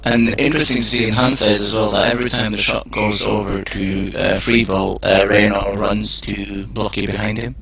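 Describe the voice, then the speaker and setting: Male color commentator, lowish gravelly voice, calm measured analysis. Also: crowd noise, low-quality recording. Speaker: expert co-commentator. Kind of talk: live sports commentary.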